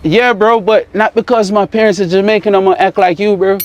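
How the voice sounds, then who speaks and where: American man, slang-heavy, somewhat high voice. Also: fairly even intonation, brisk. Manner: calls everyone "bro", persuasive. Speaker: comedy sketch actor. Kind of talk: comedy sketch banter.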